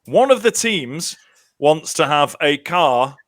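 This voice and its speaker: A man chatting casually on a podcast as a lively storyteller who acts out the lines he quotes. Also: on the high side, slow pace, no echo, studio quality. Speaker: contestant telling a story.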